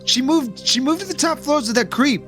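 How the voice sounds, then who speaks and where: A man's voice: extremely high pitch, expressive, normal speed, fairly bright tone, faint music behind, voice pushed up. A man voicing a confused, drunk, portly middle-aged man who stammers and whines. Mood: rattled. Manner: stammering, slurred and whiny.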